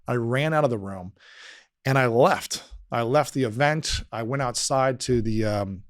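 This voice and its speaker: A man, a podcast guest, telling a personal story in conversation, earnest and emotional, often dropping quiet and slowing down. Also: medium pitch, no echo, clean studio sound.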